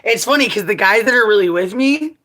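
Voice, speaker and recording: Vlogger, woman, 40s: bright voice, crude and candid, rambling chat with frequent laughs. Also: fairly high pitch, lively intonation, fairly quick. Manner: profane, blunt, laughs often. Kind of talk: casual rambling monologue.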